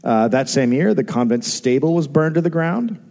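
A man's voice: a little high, expressive, moderate pace, vocal fry, darkish tone, long reverb tail. A man hosting a live comedy podcast, dryly telling a history story on a theater stage. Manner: dry storyteller, reads quotes and dates. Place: large theater, live audience.

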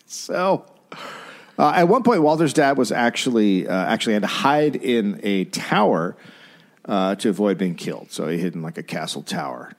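A man hosting a comedic history podcast, telling the story in a joking, animated way. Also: on the low side, normal speed. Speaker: podcast host.

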